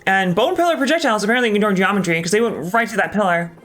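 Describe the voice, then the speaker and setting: Racing along in a high, somewhat bright voice, a man delivers live commentary on his gameplay as a streamer, faint music behind him. He's casual and candid, swearing frequently and stumbling through many ums.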